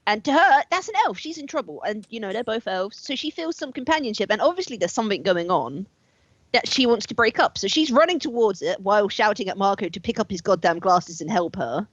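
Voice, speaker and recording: A woman playing a tabletop role-playing game, excitable and animated, often laughing. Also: medium pitch, fairly quick, dry recording, muffled recording. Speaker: player. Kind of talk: casual tabletop role-play chat.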